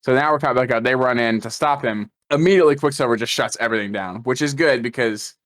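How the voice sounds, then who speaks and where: A man co-hosting a casual movie podcast, talking at a middling pitch. He rambles through scene recaps, stopping and restarting his sentences often. The sound is dry and close, with no room around it. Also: quick pace, a bit bright, no echo. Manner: rambling, lots of fillers and restarts. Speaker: podcast co-host.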